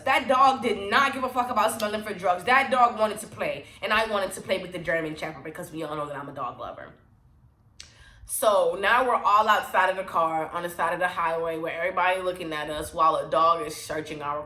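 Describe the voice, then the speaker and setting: A woman vlogger telling a story in a casual, animated, blunt way, swearing freely. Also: fairly low pitch, fairly quick. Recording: roomy echo.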